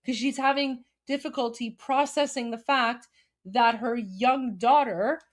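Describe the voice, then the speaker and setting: A woman's voice: on the high side, fairly even intonation, measured pace. A woman from Iran hosting a live commentary stream, talking emphatically with frequent fillers and restarts. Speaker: host.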